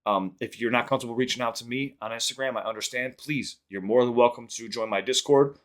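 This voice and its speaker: A man hosting a reaction channel, rambling through a story and quick sign-off plugs in casual chat. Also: medium pitch.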